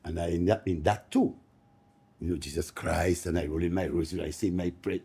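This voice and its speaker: A man, speaking up from the audience of a panel discussion, impassioned and halting, repeating words as he goes. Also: low-pitched, steady tone, vocal fry, mellow, breathy edge. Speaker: live audience member.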